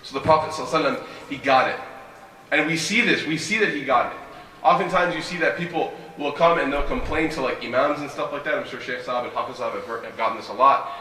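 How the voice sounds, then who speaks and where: A man delivers a lively religious lecture, telling the story at a quick clip and constantly turning to the audience with a rhetorical question. His voice is bright and forceful. It carries through a long-reverb hall, picked up from some distance. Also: medium pitch. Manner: animated, keeps asking the audience "right?". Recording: echoey hall, voice from far off.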